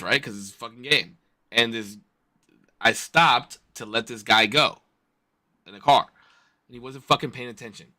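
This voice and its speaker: A man hosting a podcast, telling a story in casual, profane chat. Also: medium pitch. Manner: profane, animated retelling. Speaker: podcast host.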